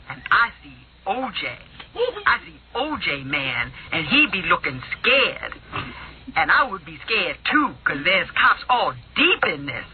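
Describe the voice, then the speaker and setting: A woman's voice: lowish voice, a little hiss or hum, pitched below the performer's own voice. A woman voicing a nervous male eyewitness calling in, drawling in slang and stammering. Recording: tinny phone-like radio audio.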